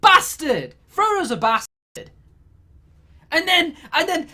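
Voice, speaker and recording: Woman, comedic rant, sweary, exasperated, bright, tense voice, swooping pitch. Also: wildly swooping pitch, takes it slowly, pauses often.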